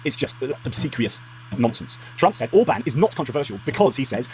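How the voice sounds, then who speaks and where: A man delivering heated commentary in a fast, furious rush. He stumbles over himself and restarts often as he argues. A light background noise sits under his voice. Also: mid-range voice, big pitch swings, darkish tone. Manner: angry, emphatic, rapid ranting with many restarts. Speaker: political commentary vlogger.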